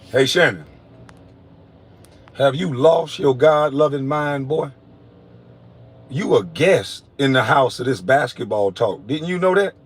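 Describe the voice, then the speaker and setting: A former pro basketball player delivering an angry, profane video rant, heated and insulting. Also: male voice, mid-range voice, animated, slow pace, long pauses, husky.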